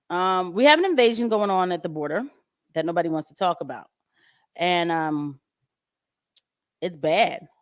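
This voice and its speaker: A young woman of Haitian descent hosts a casual commentary livestream, blunt and sarcastic, frequently laughing mid-sentence. Her voice is on the low side, and the dry recording has clean studio sound.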